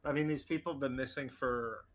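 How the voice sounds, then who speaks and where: A man's voice: mid-range voice, steady tone, fairly quick, fairly bright tone. A man narrating as game master in a casual tabletop game, swearing freely.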